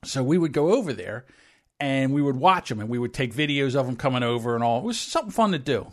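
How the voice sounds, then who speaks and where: A man's voice: medium pitch, fast talker. A middle-aged man co-hosting a podcast, telling stories in casual chat and acting out the voices of people he quotes. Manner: animated storytelling, acts out quoted voices. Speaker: podcast co-host. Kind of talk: casual opinion talk.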